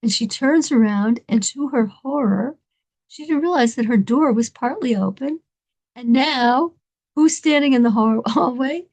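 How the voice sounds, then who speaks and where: A woman telling an inspirational story in an animated, dramatic way, laughing between lines. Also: high voice, a little slow.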